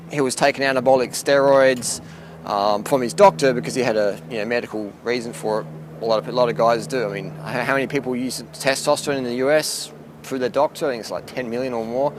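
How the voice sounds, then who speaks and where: A man's voice: mid-range voice, a little hiss or hum. A man vlogging outdoors, ranting bluntly and profanely in a rambling way. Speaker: cycling vlogger. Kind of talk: casual rant to camera. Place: outdoors near a boat.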